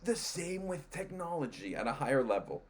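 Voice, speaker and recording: A man hosting an interview podcast, animated and jokey, often jumping in on his guest. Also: a little high, normal speed, slight background noise. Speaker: podcast host. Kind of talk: casual interview conversation.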